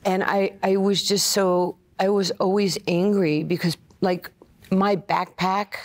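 An older woman from Queens, telling stories as an interview guest, animated and full of fillers and quoted asides. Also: medium pitch, a little slow. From Queens, New York. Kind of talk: casual interview storytelling.

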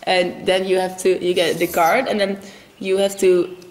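A woman's voice: on the low side, level tone, normal speed. A young Dutch woman chatting casually in a vlog, bubbly and giggly, mixing Dutch and English. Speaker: vlogger.

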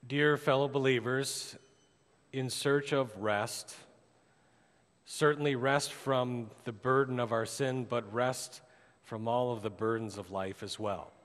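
A man, a pastor, preaching a sermon and telling a story with dramatic rises and hushed drops. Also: steady tone, takes it slowly. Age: adult with a daughter. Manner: storytelling preacher, rising for drama, dropping low for emphasis. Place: church sanctuary. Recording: long church hall reverb.

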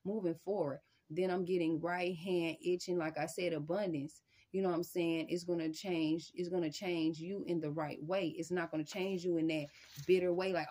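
Lower-voiced woman, tarot reader, emphatic and repetitive, slangy delivery. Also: steady tone, fairly quick. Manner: emphatic, repeats "y'all" and "I'm telling you"; casual, slangy, with sudden loud high bursts. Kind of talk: spiritual reading monologue.

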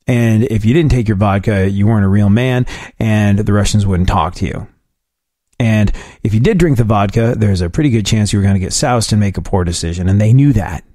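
Male talk-show host with a low, mellow voice and a dry studio mic, for casual animated storytelling. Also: fairly quick, no room sound. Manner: animated anecdote-telling, quotes his dad in a lower voice.

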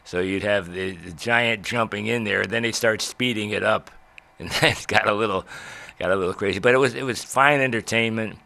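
An older man, a radio veteran, telling old stories in a rambling way with many pauses and restarts. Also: fairly low pitch, creaky, bright, forceful tone. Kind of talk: reminiscing talk.

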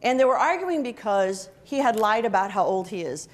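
A woman's voice: medium pitch, normal speed. A middle-aged woman giving a humorous workshop talk to soldiers, joking and drawing the audience in. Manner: lively, joking, audience-engaging. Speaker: motivational speaker. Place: event hall before a live audience.

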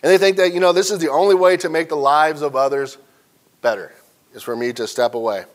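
A man's voice: on the high side, a little fast. A man from central Illinois teaching a church Sunday school lesson, telling folksy stories and asking the class questions. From central Illinois, USA.

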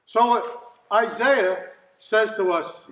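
A man, a deacon, giving a slow, deliberate sermon with touches of light humor. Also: high voice, a bit bright. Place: church. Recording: echoey church from far off.

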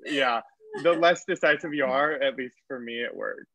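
A man's voice: mid-range voice, normal speed, a bit bright, rough recording. A man judging a comedy spelling bee, joking dryly and putting himself down. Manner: dry self-deprecating joker. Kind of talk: casual comedic banter.

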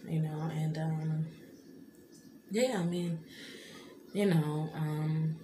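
A woman in her thirties speaks to her vlog viewers in a low, level voice, rambling with plenty of "you know what I mean." She sounds tearful and emotional. The room is echoey, with a clear hum of noise behind her. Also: steady tone, extremely slow. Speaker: vlogger. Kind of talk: casual heartfelt vlog talk.

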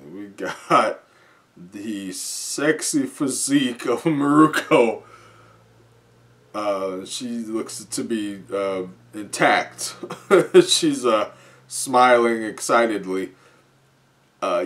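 A man reading a comic live and reacting as he goes, often chuckling and halting with fillers. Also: lowish voice, expressive, a bit bright. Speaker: comic reviewer.

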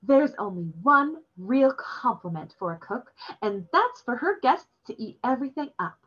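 A woman voicing a kindly, gracious older woman who speaks slowly and gently, recorded with dull lo-fi sound. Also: on the high side, expressive, breathy edge, voice pushed up.

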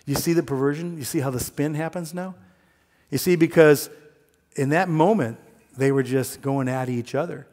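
A man preaching a sermon, telling a story with lively quoted voices and plain talk. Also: a little high, normal speed. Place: church sanctuary. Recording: long hall reverb.

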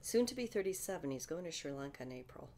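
A woman's voice: low voice, sing-song, fast, a little mellow. A woman from Toronto, a podcast guest chiming in with short confirmations. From Toronto, Canada. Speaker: podcast guest, travel agent. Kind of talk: casual chat.

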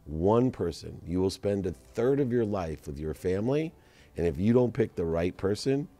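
A middle-aged man, a guest entrepreneur, telling stories in a casual podcast conversation and slowing down to stress advice. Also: low voice, lively intonation, dark tone. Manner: storytelling, slows down to stress advice.

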